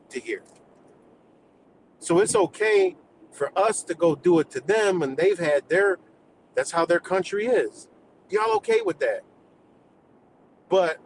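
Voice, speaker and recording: A man's voice: a little high, slight background noise, poor audio. A man from the United States on a live stream, delivering a heated, profane, rambling rant.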